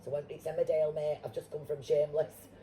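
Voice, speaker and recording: A middle-aged Yorkshire woman chatting as a guest, blunt and salty-tongued. Her voice is very dark and mellow, and a faint hiss sits under the recording. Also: deep voice, level tone, fast, low-quality recording. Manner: blunt, swearing, storytelling. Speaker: guest actor. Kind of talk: casual chat.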